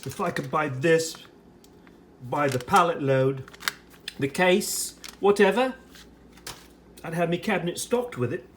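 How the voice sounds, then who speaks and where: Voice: mid-range voice, unhurried, pauses often, slight background noise. An American reviewer in a put-on British accent, giving a chatty running commentary while preparing and tasting ration food in a casual food vlog. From United States.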